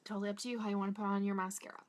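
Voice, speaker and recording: A woman's voice: medium pitch, level tone, racing. A young woman from Massachusetts with a Boston-area accent, chatting casually through a makeup tutorial and rambling off on tangents with lots of "like". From Massachusetts, USA. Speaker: beauty vlogger.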